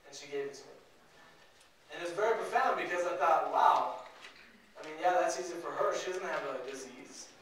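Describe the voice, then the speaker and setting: A man's voice: a little high, fairly bright tone. A man in his twenties giving a motivational talk, telling a personal story and acting out the voices of people in it. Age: 20s. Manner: storytelling, acts out quoted voices. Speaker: motivational speaker. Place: conference hall. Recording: echoey hall, mic from far off.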